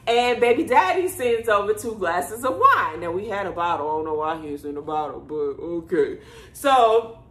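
A woman's voice: medium pitch, big pitch swings, moderate pace, roomy sound, slight background noise. A woman, chatting casually to camera in her apartment as a vlogger, telling stories with lots of fillers. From Houston, Texas. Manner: chatty storyteller, many fillers. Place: bedroom apartment indoors.

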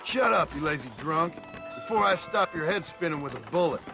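An actor playing a stern, threatening gunslinger in a western game who speaks with a dry edge. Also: male voice, on the high side, animated, brisk, gravelly, over music. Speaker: game character. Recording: game audio with outdoor ambience.

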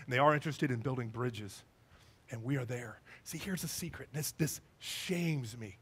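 A man's voice: mid-range voice, normal speed, slightly rough. A man, a pastor preaching a sermon in a church and acting out the people in his stories. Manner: animated storytelling, acting out voices. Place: church sanctuary.

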